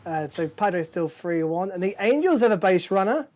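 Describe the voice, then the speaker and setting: A man's voice: high voice, animated, moderate pace, a little mellow. Brief: male host, live sports chat, tired, rambling, stumbles on words.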